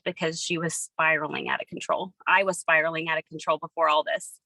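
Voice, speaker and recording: A woman's voice: low voice, level tone, fairly quick, hardly any pauses, bright, forceful tone, no room sound, low-quality recording. A woman giving an earnest, emotional personal testimony over a video call. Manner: earnest, tearful, storytelling. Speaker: testimony speaker.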